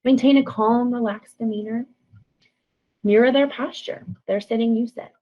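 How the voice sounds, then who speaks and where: A woman's voice: fairly high pitch, fairly even intonation, normal speed. A woman counselor giving a conversational training talk, often checking in with "right?" and acting out sample lines. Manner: conversational, frequent tag questions, acts out example lines. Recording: dull lo-fi sound.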